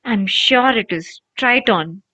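A woman reading aloud, voicing an excitable boy wizard who is friendly and easily awed, in an eager, exclaiming way. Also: mid-range voice, a little slow. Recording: dull lo-fi recording.

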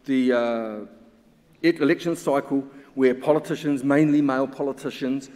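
A man speaks at a symposium with blunt, emphatic conviction. His voice sits at an ordinary middle pitch. It rings out with a long reverb trail through a large hall. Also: fairly even intonation, moderate pace, a little mellow. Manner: impassioned and emphatic, with pointed rhetorical questions. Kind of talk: conference talk.

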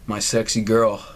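With slight background noise, a man with a lowish, somewhat bright voice plays a mobile story game for his gaming channel. He keeps up casual let's-play banter full of profanity, mockery, and laughter.

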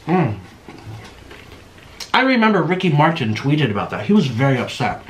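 A man's voice: a little high, big pitch swings, moderate pace, a little hiss or hum. Chatty man talking between bites. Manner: chatty, eating between sentences, mouth-full humming. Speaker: mukbang vlogger. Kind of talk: casual chat while eating.

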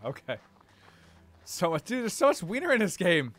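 A young man streaming a game live, swearing and reacting loudly to what happens on screen. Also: sits high, very animated, normal speed, dry recording.

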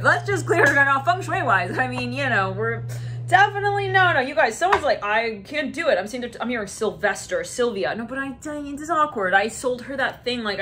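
A woman's voice: on the high side, background noise. A woman giving a casual tarot reading, rambling and giggling often, with some swearing. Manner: giggly, rambling, frequent laughter and profanity. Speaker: tarot reader.

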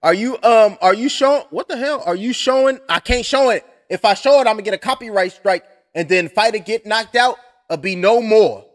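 High-voiced, rowdy, joking man. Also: a little fast. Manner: loud, joking and profane, keeps clowning. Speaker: fight commentator. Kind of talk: casual live-stream commentary.

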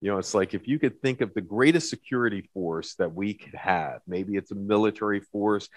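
A man teaching a Bible lesson in a conversational way, often repeating words and reading scripture aloud with emphasis. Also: fairly low pitch. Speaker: pastor.

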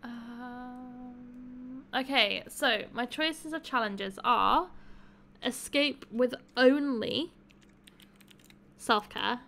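Female game streamer, higher voice with gravel, chatty and self-mocking. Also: very slow, pushed and bright, a little hiss or hum. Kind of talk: casual live-stream chat.

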